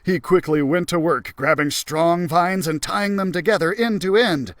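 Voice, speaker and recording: A man who works as a librarian, reading a children's story aloud in an expressive, animated way. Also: high-pitched, moderate pace, dry recording, clean studio sound.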